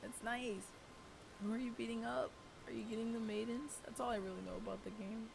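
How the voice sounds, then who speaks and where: A woman streaming a game, hoarse with a failing voice, greeting viewers in a bubbly, flustered way. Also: fairly high pitch, fairly even intonation, fairly quick, background noise. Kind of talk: live gaming stream chat.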